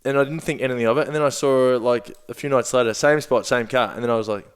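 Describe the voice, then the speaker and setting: A man's voice: medium pitch, quick pace, clean tone. A man with an Australian accent, in his thirties, telling rambling anecdotes in a casual chat. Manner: laid-back, rambling anecdotes with filler words. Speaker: comedian guest.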